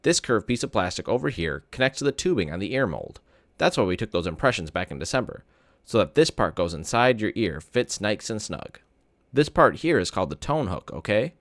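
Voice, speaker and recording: A man's voice: on the low side, big pitch swings, brisk, fairly bright tone, dry recording, studio quality. A man reading as a playful, upbeat ear doctor. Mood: reassuring. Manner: reassuring, playful.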